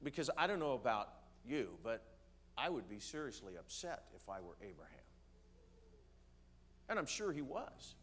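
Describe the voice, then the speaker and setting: A pastor preaching in a church, reading scripture aloud and slowing down to stress key words, with the odd filler. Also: male voice, mid-range voice, big pitch swings, a bit bright, slightly rough. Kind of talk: sermon reading and explaining scripture. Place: church sanctuary.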